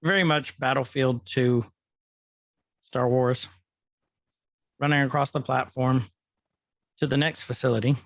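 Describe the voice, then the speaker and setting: A man's voice: mid-range voice, fairly even intonation, unhurried, vocal fry, long pauses, no room sound. A man co-hosting a podcast, casually retelling episode scenes and quoting the characters. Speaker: podcast co-host.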